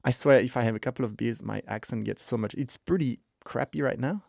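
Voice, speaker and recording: A man hosting a live podcast stream in casual chat, joking and thinking out loud while he waits for a guest. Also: medium pitch, brisk, vocal fry, dry recording, studio quality. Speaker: podcast host.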